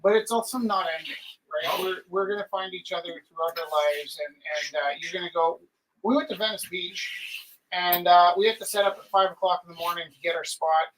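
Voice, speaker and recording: A man's voice: high voice, fairly even intonation, fairly quick, fairly bright tone, a little hiss or hum, poor audio. A middle-aged man hosting a live art auction, chatting casually and rambling through stories with many fillers. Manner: rambling, storytelling with filler words. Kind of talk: casual live-stream chat.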